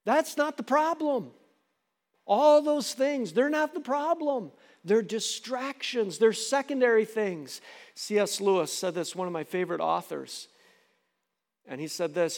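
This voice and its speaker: Animated high-voiced pastor in an echoey hall. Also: male voice. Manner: animated, acts out quick dialogues in varied voices. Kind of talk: sermon. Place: church sanctuary.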